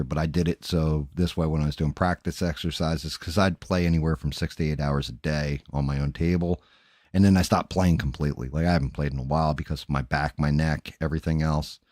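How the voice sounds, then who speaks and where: A man's voice: extremely low pitch, fairly even intonation, a little fast, darkish tone, dry recording, clean studio sound. A middle-aged man hosting a livestream, chatting casually and candidly with his viewers in a rambling way, swearing freely. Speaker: livestream host. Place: home.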